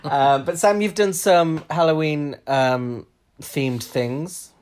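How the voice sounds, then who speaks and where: A podcast co-host in casual chat, playful and teasing, full of quick jokes and frequent laughter. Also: medium pitch, darkish tone. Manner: laughs often.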